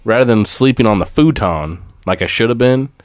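A man's voice: medium pitch, brisk, smooth, no room sound, studio quality. A man telling a laid-back, self-deprecating story in a casual chat.

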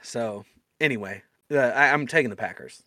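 A man's voice: mid-range voice, moderate pace, sharp tone, no room sound. Joking young man, dry close sound. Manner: joking, offhand banter. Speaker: podcast co-host. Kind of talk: casual sports podcast chat.

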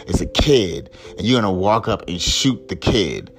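Angry, profane man ranting low. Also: sing-song, normal speed, slight background noise. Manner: heated, profane, rising to shouts of outrage. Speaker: podcast host. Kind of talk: angry solo commentary.

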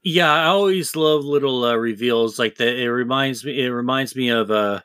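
A man's voice: moderate pace, a bit bright, clear, resonant tone, no echo. A man co-hosting a casual podcast, swearing freely and riffing loosely. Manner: profane, mimics characters in exaggerated high voices. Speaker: podcast co-host.

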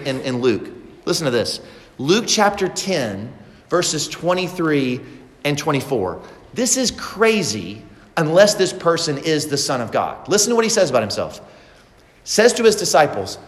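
A man's voice: on the high side, reverberant, big-room sound. A man preaching a sermon as pastor, asking the congregation rhetorical questions.

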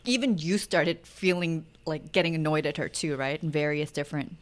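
A young adult woman co-hosting a podcast, chatting candidly about family life and bringing each moment to life by acting out what was said. Her voice sits fairly low for a woman. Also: moderate pace. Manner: candid, chatty storytelling with acted-out quotes. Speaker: podcast co-host. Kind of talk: casual chat.

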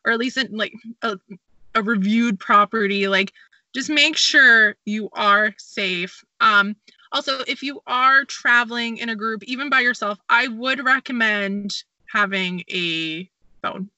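A woman's voice: a little high, measured pace, sharp tone, no room sound, muffled recording. A young woman telling a story and giving travel advice in a casual chat, with many fillers and a giggly manner.

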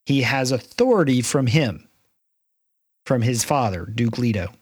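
A man's voice: mid-range voice, lively intonation, slightly rough, dry recording. Middle-aged man, dry close sound. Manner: halting, many restarts. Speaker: podcast co-host. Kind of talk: casual faith discussion.

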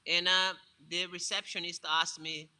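A man, a jiu-jitsu instructor and English speaker, telling his own story in a halting way, often repeating words. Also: sits high, level tone, pushed and bright, smooth. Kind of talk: casual personal storytelling.

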